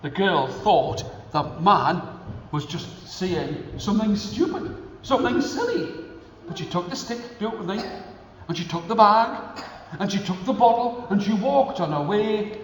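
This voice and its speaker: A male storyteller telling a folk tale to children, animated and coaxing them to join in with actions. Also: sits high, unhurried. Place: school hall. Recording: echoey hall, faint room noise.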